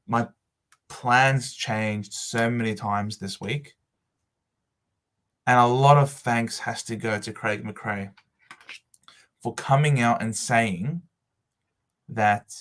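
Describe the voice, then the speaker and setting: A man rants and gushes in a casual vlog, swinging into shouts and theatrical pauses. He speaks slowly, leaning on each word. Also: medium pitch. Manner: over-the-top emotional, shouting and dramatic pauses. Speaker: fantasy football vlogger. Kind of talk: excited casual monologue.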